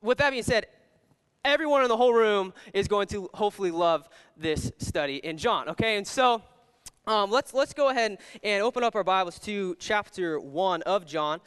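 A man's voice: sits high, expressive, moderate pace, fairly bright tone, clean tone. A young man giving a casual sermon as a youth pastor, rambling with lots of "like"s and restarts. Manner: rambling, filler-heavy, with many "like"s and restarts. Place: church hall. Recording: long reverb of a large hall.

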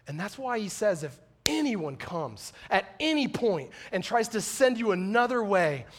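Man, high voice, sermon, animated, conversational, impassioned preaching. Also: measured pace. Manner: animated, swings from joking to loud impassioned preaching; conversational, acts out little dialogues. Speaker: pastor.

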